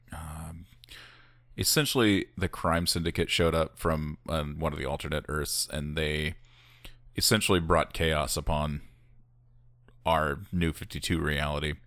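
A man's voice: rumbling low, unhurried, fairly bright tone, no echo, studio quality. A man co-hosting a casual podcast, eagerly explaining story details to his co-host. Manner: enthusiastic, explains plot details. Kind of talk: casual chat.

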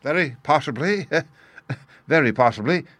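A man's voice: medium pitch, a little fast, no echo, lightly acted. A man reading the part of a frightened male company manager who speaks with forced politeness. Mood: strained courtesy.

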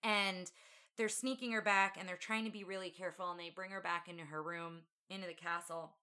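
A woman's voice: fairly low pitch, fairly quick. A woman co-hosting a podcast, animatedly retelling a film scene by scene and acting out the characters' lines. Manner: animated storyteller, acts out quotes. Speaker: podcast co-host. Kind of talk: casual film recap chat.

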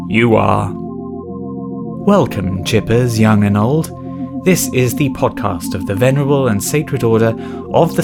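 A man hosting a comedy podcast, reading a scripted monologue in a solemn, mock-ceremonial deadpan. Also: on the low side, vocal fry. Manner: solemn mock-ceremonial delivery, slow chanting of a creed. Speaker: podcast host. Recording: loud guitar music behind.

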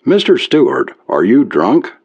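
A man's voice: mid-range voice, wildly swooping pitch, a little slow, creaky, a little mellow, husky, pitched above the performer's own voice, exaggerated voice. A man voicing an impatient, condescending male professor in a read-aloud story. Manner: curt and condescending. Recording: dull lo-fi recording.

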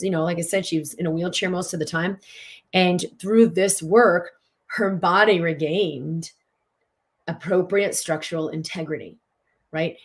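A middle-aged woman coaching tapping in a live online session, talking in an animated, emphatic and chatty way. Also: fairly low pitch. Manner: animated, emphatic, conversational with fillers.

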